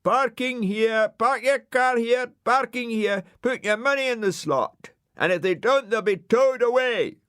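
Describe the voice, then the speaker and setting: A man voicing a grumpy, bossy male dog acting as a parking warden, high and indignant. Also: sing-song, slow, no room sound, clean studio sound, heavily acted. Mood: bellowing. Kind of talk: audiobook character voice.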